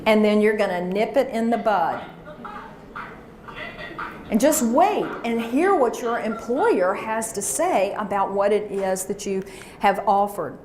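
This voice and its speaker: A woman's voice: mid-range voice, a little slow, a little mellow. A woman leading a workshop, coaching a live audience with energy and call-and-response chants. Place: large room with an audience. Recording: echoey room recording.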